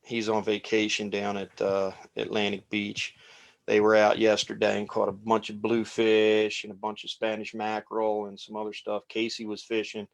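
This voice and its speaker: A man casually talking through a fly tying demonstration as he works, relaxed and rambling. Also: on the low side, moderate pace, gravelly. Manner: relaxed, rambling, talks while working.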